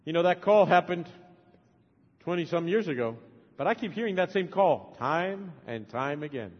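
High-voiced man preaching in an echoing hall. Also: animated, normal speed. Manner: emphatic, swinging from loud urging to soft tender asides. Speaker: preacher and missionary. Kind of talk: sermon. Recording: long hall reverb, dull lo-fi sound.

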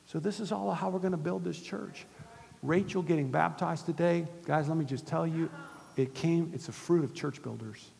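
A middle-aged male pastor preaches in a casual, talky way, his fairly high voice dropping low and soft and then rising loud. The sound carries a long reverb from a large church hall. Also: normal speed, gravelly. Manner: conversational preaching with big swings from soft to loud. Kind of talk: sermon.

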